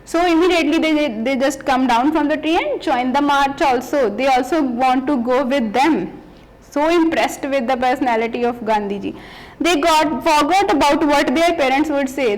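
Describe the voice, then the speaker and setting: A woman's voice: sits high, rough recording. A woman teacher reads a textbook story aloud and explains each sentence in simpler words. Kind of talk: reading and explaining a textbook chapter.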